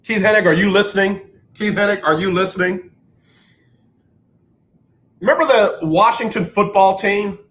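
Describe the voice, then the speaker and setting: A bright, high-pitched male radio host rambles through a sports monologue. He is animated and mocks himself when he gets the facts wrong, and his voice has a sharp, forceful edge. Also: normal speed, long pauses. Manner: animated, rambling, self-mocking.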